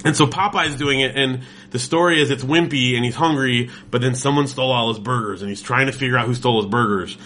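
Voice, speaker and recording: A man's voice: medium pitch, fast, a bit bright. A man from California in casual chat, telling a story with enthusiasm and plenty of filler words.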